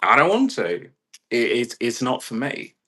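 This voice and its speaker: Guy venting at home, bright tone, swears a lot, rambles. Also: mid-range voice, unhurried, slightly rough. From California. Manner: profane, rambling, animated quoted voices. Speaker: vlogger. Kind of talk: casual ranting vlog. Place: indoors at home with a puppy.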